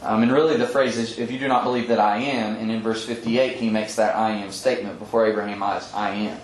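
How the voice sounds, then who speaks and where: A man leading a Bible study, explaining scripture earnestly with frequent pauses and ums, often quoting verses. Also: on the low side, steady tone, a little hiss or hum. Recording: echoey room with faint ambience.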